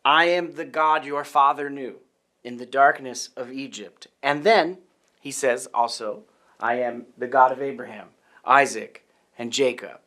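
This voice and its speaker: A man's voice: mid-range voice, unhurried, pushed and bright. A man preaching a sermon, teaching earnestly and restarting his phrases. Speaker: pastor.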